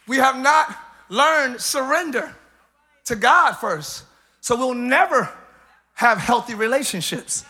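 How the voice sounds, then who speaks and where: A man preaching a live church sermon as pastor, joking with the congregation, hyped up and breaking into shouts and laughs. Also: extremely high pitch, lively intonation, slow, a faint crowd. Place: church service.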